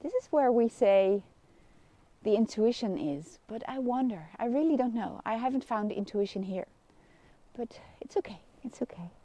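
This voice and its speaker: A middle-aged woman with a Dutch accent, a kinesiologist giving a gentle, soothing live lesson and laughing softly now and then. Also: on the high side, animated, normal speed. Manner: gentle, soothing guidance with frequent soft laughs. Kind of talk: live-streamed wellness lesson.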